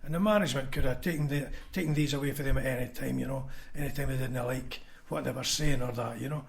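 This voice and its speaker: Talking fast in a creaky, mid-range voice, this man from Scotland, once a union convener, shares blunt stories on a laid-back podcast. He acts out the voices of the people he quotes.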